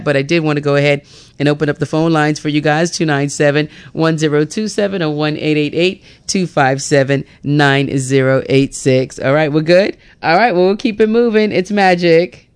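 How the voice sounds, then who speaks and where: Female radio gospel host, young adult, animated and chatty, smooth clear voice, dry studio mic. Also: lowish voice, no room sound. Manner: lively, laughs often, acts out talks with God. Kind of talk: casual on-air chat with scripture reading. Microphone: studio microphone.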